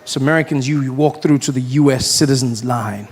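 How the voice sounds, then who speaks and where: A man performing a stand-up comedy routine, talking animatedly and acting out characters with big shouted voices. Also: medium pitch, brisk. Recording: live stage recording with crowd. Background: audience laughter.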